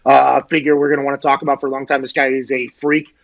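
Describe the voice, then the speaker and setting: A man hosting a casual sports talk show, excitable and rambling, joking as he goes, short on sleep. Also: medium pitch, quick pace, gravelly, muffled recording.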